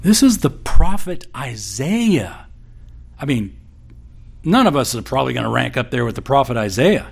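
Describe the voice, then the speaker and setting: A man's voice: medium pitch, big pitch swings, moderate pace, vocal fry, breathy edge. A man preaching a sermon as pastor, conversational and folksy, slipping in corny jokes.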